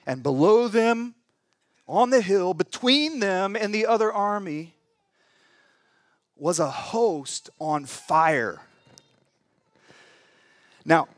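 A man preaching in a church, his voice light and high for a man. He retells scripture like a campfire story, dropping to a hush and then rising loud. The sound is dry and close to the mic. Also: dry recording. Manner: dramatic storytelling with wide swings in pitch and volume; conversational asides and humor. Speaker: pastor. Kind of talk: sermon.

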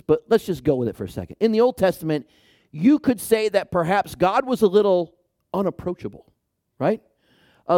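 A man preaching a sermon with a slightly raised pitch that swings widely as he talks. He mixes playful asides to his listeners with moments where he drops to a hushed, tender voice. The sound is dry and close. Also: no echo. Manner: animated, shifts to hushed soft delivery for emphasis; playful asides and jokes to the congregation. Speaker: pastor.

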